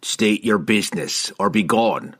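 A man voicing a suspicious male farmer who challenges strangers gruffly. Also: fairly low pitch, lively intonation, normal speed. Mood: wary. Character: suspicious male farmer guarding his home, blunt.

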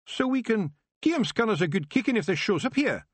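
Rob Anybody, a squeaky Scottish pictsie. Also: male voice, very animated, fairly quick, no echo. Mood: proud. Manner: boisterous, broad dialect. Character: tiny fierce male pictsie clan chief.

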